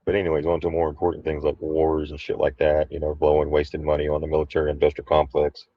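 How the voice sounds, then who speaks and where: A man's voice: very deep voice, monotone, fast, no room sound, muffled recording. A man hosting a casual talk show, commenting loosely and swearing offhand. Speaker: show host.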